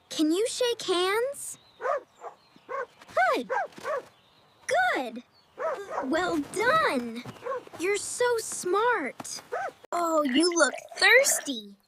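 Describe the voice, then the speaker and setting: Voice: very high voice, big pitch swings, extremely slow, long pauses, sharp tone, slight background noise, heavily acted. A voice playing a cheerful young boy who cares for a lost puppy, speaking in short, simple, encouraging sentences for learners. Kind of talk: slow, clear storybook narration for learners.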